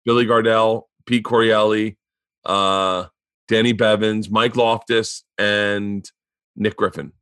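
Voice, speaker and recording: A man's voice: lowish voice, level tone, takes it slowly, fairly bright tone, clean tone, no echo. A man hosting a podcast, telling rambling, profane stories in casual comedic chat. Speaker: podcast host.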